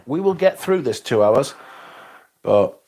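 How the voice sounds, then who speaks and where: Sleepy male livestream host, gravelly and husky, reads comments and chats back. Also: on the high side, huge pitch swings, slow, fairly bright tone. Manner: reads viewer comments aloud and answers them. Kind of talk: casual livestream chat reading comments.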